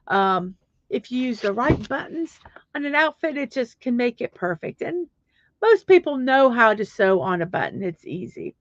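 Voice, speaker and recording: A middle-aged woman with a slightly high voice hosts a casual livestream and rambles along, filling pauses with ums as she hunts for things on her screen. She is recorded on a dull, lo-fi computer mic in a dry, close space. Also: sing-song, no echo. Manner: rambling, searches aloud with many fillers. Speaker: livestream host.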